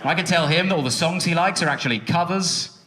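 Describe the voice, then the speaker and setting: On the stage of a big music hall, a man with a fairly high voice rattles through a sarcastic, punchy stand-up set, talking fast and shouting some lines. He's animated, using a stage mic, and there's background noise behind him.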